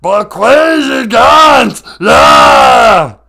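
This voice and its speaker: A man doing a loud, gravelly impression of a ravenous male monster who talks in broken, grunting speech. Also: very high voice, animated, extremely slow, voice pushed up, heavily acted. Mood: gleeful shouting.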